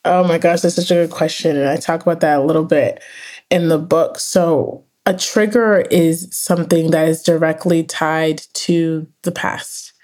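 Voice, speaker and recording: Therapist lady on a podcast, kinda lowish voice, explains stuff, says "right?" a lot. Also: steady tone, moderate pace, darkish tone. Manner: earnest, explanatory, frequent "right?". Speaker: therapist and author. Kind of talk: interview conversation.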